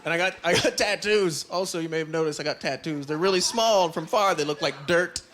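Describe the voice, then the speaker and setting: A young man from Canada doing an animated stand-up set into a stage mic, breaking into loud character voices. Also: a little high, brisk, background noise. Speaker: stand-up comedian. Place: comedy club stage. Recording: live club with audience.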